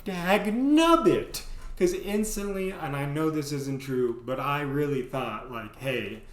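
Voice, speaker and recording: A man's voice: mid-range voice, a little slow. A man telling a casual story to his vlog audience, rambling with lots of filler words. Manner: rambling, heavy on "you know" fillers. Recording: roomy echo.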